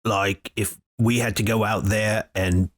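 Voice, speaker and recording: A man's voice: fairly low pitch, steady tone, a little slow, fairly bright tone. A man playing in a tabletop game, blunt and pushy in casual chat. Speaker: player.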